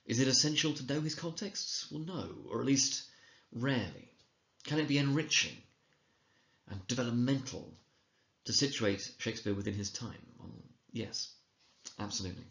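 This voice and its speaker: A man giving a recorded lecture, explaining in a measured way and reading quoted lines slowly and dramatically. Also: mid-range voice, expressive, creaky, a bit bright, reverberant, dull audio. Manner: explanatory, measured, with occasional slips and restarts. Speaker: teacher trainer.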